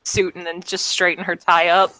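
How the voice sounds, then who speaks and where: A woman's voice: fairly low pitch, little pitch movement, normal speed, pushed and bright, no room sound, low-quality recording. A woman playing a tabletop game, talking casually and swearing freely. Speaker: player.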